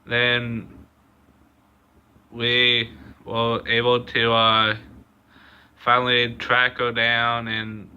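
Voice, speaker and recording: A young man vlogging a personal story in a casual, halting way, with lots of pauses and fillers. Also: medium pitch, completely flat delivery, sharp tone, clear, resonant tone. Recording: dull lo-fi recording.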